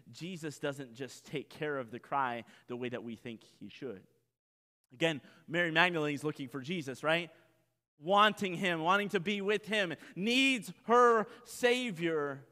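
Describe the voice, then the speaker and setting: A man preaching a sermon in a church, impassioned, swinging between loud emphatic runs and quiet low phrases. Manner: impassioned, rising and falling emphasis, repeated phrases. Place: church sanctuary. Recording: long church reverb.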